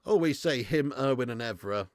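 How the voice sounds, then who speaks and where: A man's voice: medium pitch, moderate pace, dry recording, clean studio sound. A man hosting a live football watch-along, bantering with chat and swearing freely. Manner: animated banter with swearing, reads and answers chat.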